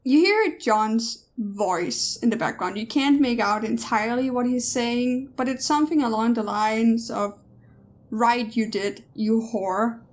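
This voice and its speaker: A woman runs a tabletop horror game as game master, narrating in a measured second person. She speaks slowly with a slightly high voice.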